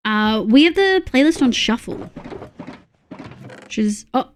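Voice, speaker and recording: A woman's voice: fairly high pitch, lively intonation, a little slow, a little hiss or hum. A woman with an Australian accent streaming a game, grumbling and swearing freely while chatting to her viewers. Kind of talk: casual game stream chat.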